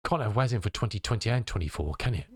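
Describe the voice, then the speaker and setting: A man's voice: on the low side, animated, quick pace, breathy edge, no room sound, studio quality. A male streamer chatting casually with his viewers, muttering to himself as he tinkers and answering chat messages.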